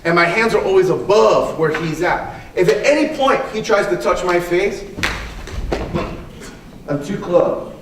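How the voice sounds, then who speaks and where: This man's high-pitched, expressive voice is unhurried and pauses often. He's a martial arts instructor demonstrating live in a conversational conference talk, frequently saying "right?" and repeating things. There's background noise, and the echoey hall captures him from a distance.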